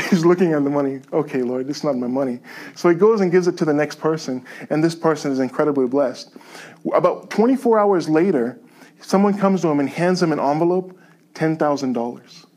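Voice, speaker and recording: A man telling a faith story to a church, lively and chuckling as he goes. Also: fairly high pitch, a little fast. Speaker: guest speaker sharing a testimony.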